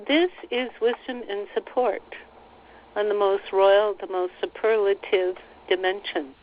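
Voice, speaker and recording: A woman relaying channeled spiritual teachings on a recorded call, speaking slowly and gently and repeating phrases. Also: mid-range voice, a little hiss or hum. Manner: slow, soothing, repeats phrases, relays quotes. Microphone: phone line on a teleconference call. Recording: slightly dull teleconference audio.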